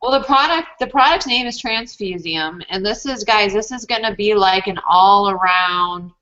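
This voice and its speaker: A woman's voice: mid-range voice, normal speed, sharp tone. A woman talking casually about a new product on a group call, chatty, with many fillers. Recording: dull lo-fi call audio.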